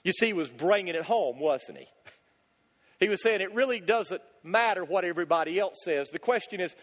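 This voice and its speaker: A man's voice: high-pitched, expressive, fairly quick. A male pastor preaching a sermon, emphatic, driving points home with rhetorical questions and repetition. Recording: long hall reverb.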